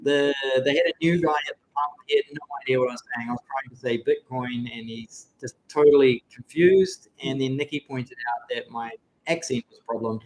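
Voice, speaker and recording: A middle-aged man with a New Zealand accent, chatting casually as co-host of a vlog, relaxed and halting with fillers. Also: medium pitch, rough recording. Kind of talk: casual chat.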